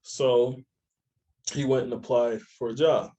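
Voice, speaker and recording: A young man co-hosting a casual chat, telling stories with animated voices for the people he quotes. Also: mid-range voice, slow, lo-fi sound. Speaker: podcast co-host.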